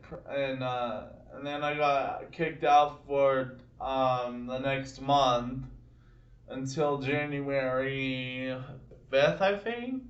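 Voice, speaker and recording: A young man telling rambling personal stories in a halting way, with many restarts. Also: mid-range voice. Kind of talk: casual storytelling to camera. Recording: distant mic in an echoey room, dull sound.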